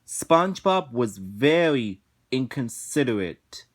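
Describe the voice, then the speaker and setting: A man delivers a casual review rant at a deliberately slow pace. His voice sits in an ordinary middle pitch, and he often restarts his phrases and repeats himself, with bursts of swearing. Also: sing-song. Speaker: episode reviewer.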